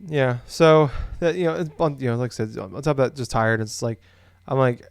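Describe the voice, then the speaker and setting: A young man from Des Moines, Iowa, co-hosts a casual podcast, rambling through the chat with plenty of fillers and restarts. His mid-range voice is clear and resonant, with fairly even intonation and a slightly quick pace. The recording has no echo.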